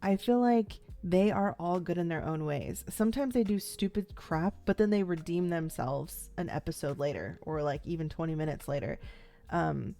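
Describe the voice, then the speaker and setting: Rambling young woman, mellow low voice. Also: animated, moderate pace, vocal fry. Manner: rambling, lots of "like" and "um" fillers; playfully acts out characters' lines. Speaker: vlogger reacting to a TV series. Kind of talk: casual first-time-watch reaction chat.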